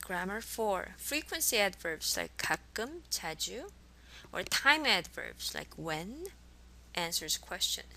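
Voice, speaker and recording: A woman's voice: mid-range voice, big pitch swings, unhurried, sharp tone, slight background noise, poor audio. A woman teaching a college language class, explaining grammar patiently and modeling example sentences. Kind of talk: recorded classroom lecture. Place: college course recording.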